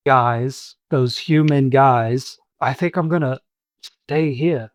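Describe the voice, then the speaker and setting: A man's voice: medium pitch, slow, dry recording, studio quality, close to an everyday voice. A man voicing a timid young male goon who speaks hesitantly. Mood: nervous.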